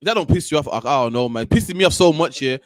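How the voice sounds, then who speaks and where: High-voiced guy ranting fast on his show, keeps saying man, dry close sound. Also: no room sound. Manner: animated ranting, repeats "man" often. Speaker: host. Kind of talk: heated commentary.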